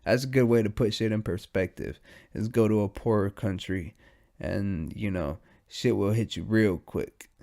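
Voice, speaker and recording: A young man hosting a podcast alone, high and sleepy, rambling in casual, profane slang. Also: unhurried, gravelly, a little mellow. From United States. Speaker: podcast host. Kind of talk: casual stoned monologue.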